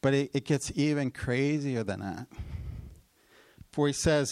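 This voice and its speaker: A middle-aged man, a pastor, telling a personal story in a sermon, with loud emotional peaks and quick asides. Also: medium pitch, no room sound. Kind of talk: sermon testimony.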